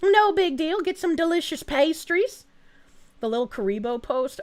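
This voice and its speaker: A woman with a high, bouncing voice streams live and reads donor messages. She reacts fast, swears freely and breaks into laughter often. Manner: excitable, profane, quick reactions with frequent laughs. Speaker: VTuber streamer. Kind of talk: casual live-stream chat reading donations.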